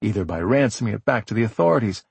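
A man reads a novel aloud in a measured, steady way. His voice is gravelly and a little husky, and it sits close and dry with no room sound around it. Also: fairly low pitch, no room sound. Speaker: audiobook narrator. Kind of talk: scripted audiobook narration.

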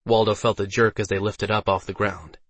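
A man narrating a fantasy audiobook with steady storytelling delivery. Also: lowish voice, brisk, no echo.

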